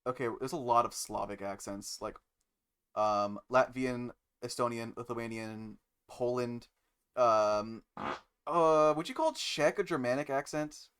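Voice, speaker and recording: Slow, smooth-voiced male streamer, thinks aloud between lines of code. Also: medium pitch, a bit bright. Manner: slow and musing, thinking aloud with many pauses and fillers. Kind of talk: casual live-stream chat while coding.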